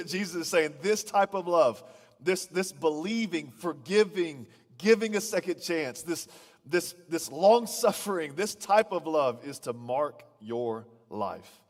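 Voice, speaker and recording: A man's voice: fairly high pitch, expressive, slow. A male pastor giving a sermon in a church, telling stories in a conversational way and often repeating his first words. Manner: conversational storytelling preacher, repeats starting words. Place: church auditorium. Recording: long reverb of a large hall.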